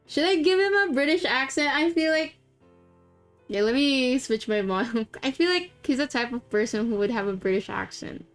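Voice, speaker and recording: A woman's voice: high voice, animated, moderate pace, faint music behind. A woman from the Philippines streaming a game, bubbly, reading the story aloud and chatting in between. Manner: bubbly, gasping and giggling. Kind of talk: casual game stream with narration.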